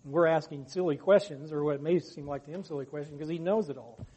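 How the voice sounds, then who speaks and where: A man with a somewhat high, husky voice leads a Bible study discussion. He speaks earnestly and rises in pitch and volume when he acts out quoted speech. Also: quick pace, warm tone. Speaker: discussion leader.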